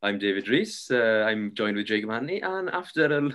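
A man's voice: fairly low pitch, fairly quick. A young man from Britain co-hosting a podcast, telling stories in a casual, joking way. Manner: storytelling, animated and joking. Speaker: podcast co-host. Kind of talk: casual pub chat.

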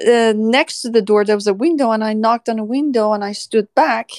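A woman animal services officer recounts a story in a casual podcast chat, her voice sitting high. She laughs often as she goes, and the sound is close and dry. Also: fairly quick, a little mellow, dry recording.

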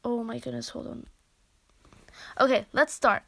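A woman's voice: on the high side, steady tone, a little slow, creaky, bright, forceful tone, dry recording. Giggly young woman reading fan stories. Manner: giggly, casual asides. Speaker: fanfiction reader.

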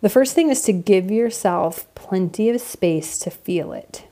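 A woman's voice: mid-range voice, expressive, measured pace, mellow. A woman in her thirties hosting a podcast, talking candidly and reflectively in a casual monologue with lots of fillers. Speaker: podcast host.

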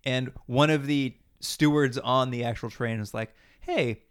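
A man's voice: medium pitch, normal speed, clear, resonant tone. Man mockingly recapping a TV episode. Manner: animated, acts out characters' lines mockingly. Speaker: podcast co-host. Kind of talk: casual chat recapping a TV show.

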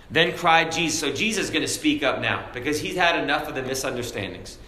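Bright-voiced preacher in echoey room. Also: male voice, on the high side, fast, hardly any pauses. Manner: animated, raises his voice for emphasis; reads scripture in old-fashioned wording. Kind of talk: Bible study teaching. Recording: echoey room with faint background noise.

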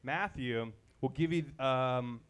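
A man's voice: medium pitch, slow pace, a bit bright, clear, resonant tone. A man hosting a live comedy quiz show, playful and a little rambling as he loses track. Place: live event venue.

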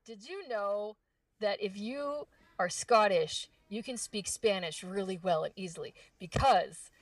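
A woman voice actress being interviewed, chatting casually and fast with lots of fillers and restarts. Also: medium pitch, no room sound, far from the mic. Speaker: voice actress guest.

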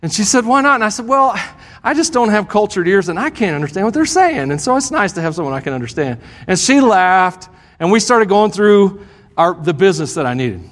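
A male pastor preaches a sermon in a church sanctuary, telling a self-deprecating story punctuated by frequent chuckles. His voice sits high, with a sing-song quality and a slightly fast pace, and the church hall is reverberant.

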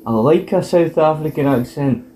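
Blunt sweary Scottish man, mellow voice. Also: on the high side, moderate pace, a little hiss or hum. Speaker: podcast co-host. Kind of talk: casual wrestling chat.

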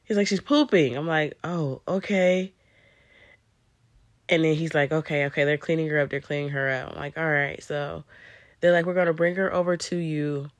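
A woman's voice: deep voice, flat delivery, fairly quick, no echo. A young woman vlogger casually recounting a personal story, full of "um" and "I'm like" asides. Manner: conversational, frequent "um" and "I'm like" quoting.

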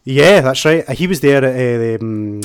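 A man's voice: medium pitch, animated, unhurried, clear, resonant tone. A man on a podcast roundtable talking earnestly and reflectively. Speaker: podcast panelist. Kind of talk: casual roundtable chat.

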